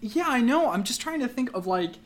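A man's voice: very high voice, lively intonation, fairly quick. A man co-hosting a podcast in casual comedic chat, laughing often and swearing freely as he acts out silly scenes. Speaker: podcast co-host.

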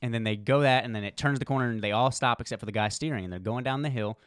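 A man's voice: mid-range voice, rapid-fire, clean tone, dry recording. A man in casual chat about a film, talking loosely with lots of "uh" and "like" and casual swearing. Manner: chatty, fills with "uh" and "like", swears casually. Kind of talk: casual movie recap chat.

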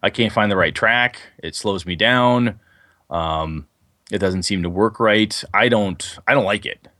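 Low-voiced man rambling on a podcast. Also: unhurried, no echo, studio quality. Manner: rambling, animated storyteller with many fillers. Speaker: podcast co-host. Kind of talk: casual podcast chat about tabletop gaming.

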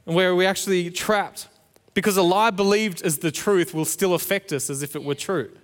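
A man's voice: high-pitched, fairly even intonation, moderate pace. A man, preaching a sermon and telling a family story, acting out the playful quotes. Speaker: pastor. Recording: long hall reverb.

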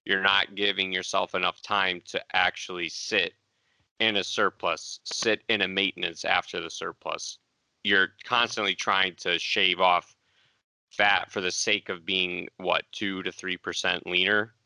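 A man with a gravelly voice, giving firm, direct coaching advice on a podcast. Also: low voice, level tone, unhurried, bright, forceful tone, no room sound, rough recording. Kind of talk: casual podcast chat.

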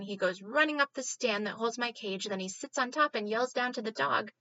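Bright-voiced woman reading a storybook. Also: fairly high pitch, a little fast, hardly any pauses, dry recording, highs cut off. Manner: expressive, rhyming, stops to fix slips. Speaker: reader. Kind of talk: reading a children's book aloud.

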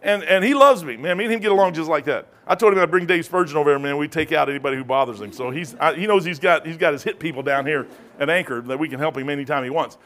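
A male pastor leads a loose, chatty Bible study, wandering between points and tossing "man" into his sentences. His speaking voice sits a little high for a man. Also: quick pace, hardly any pauses, fairly bright tone. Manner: rambling, conversational, peppers talk with "man". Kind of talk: casual Bible study teaching.

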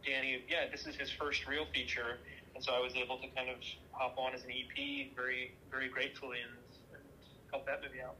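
A man's voice: mid-range voice, little pitch movement, a little fast, bright, forceful tone, a little hiss or hum, low-quality recording. A man being interviewed about his film work, telling stories in a chatty, self-deprecating way and laughing easily. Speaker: film director and producer, guest. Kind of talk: casual interview chat.

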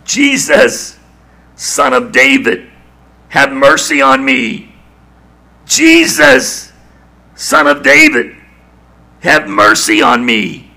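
A man voicing a desperate blind male beggar who shouts drawn-out pleas for mercy. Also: medium pitch, wildly swooping pitch, gravelly, voice pushed up, exaggerated voice. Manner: shouting, drawn-out pleading cries.

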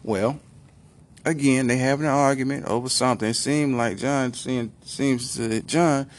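A man telling a comic story in a slangy, animated way, acting out the characters. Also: medium pitch, normal speed.

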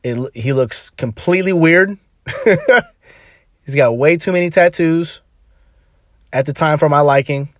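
A man's voice: on the high side, measured pace, long pauses, dry recording, clean studio sound. A man hosting a podcast, giving an emphatic, slangy motivational talk full of repeated punchy phrases. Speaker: podcast host.

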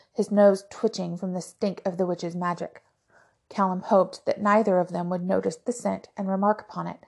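Woman reading a novel, gravelly. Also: medium pitch, a little mellow. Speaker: audiobook podcast narrator. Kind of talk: reading a fantasy novel aloud.

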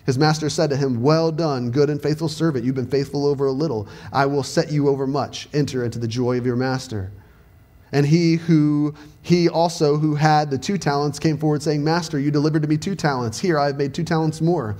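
A man's voice: on the high side, steady tone, a little fast, a little mellow. A male pastor with a Southern US accent, preaching a sermon with earnest emphasis that swells at times. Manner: earnest preaching, rising to raised emphatic passages.

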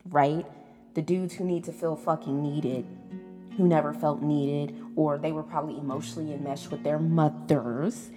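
A young woman with a lowish voice talks straight to camera in a loose, candid monologue. She is blunt and swears freely, telling stories with animated energy. Music runs steadily under her voice. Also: moderate pace. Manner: blunt, profane, animated storytelling. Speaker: vlogger. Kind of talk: casual monologue. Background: background music.

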